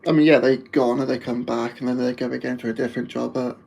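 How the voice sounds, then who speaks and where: A man's voice: mid-range voice, fairly even intonation, quick pace, vocal fry, darkish tone, poor audio. A man with a Wolverhampton accent chatting casually on a live stream, rambling and laughing often.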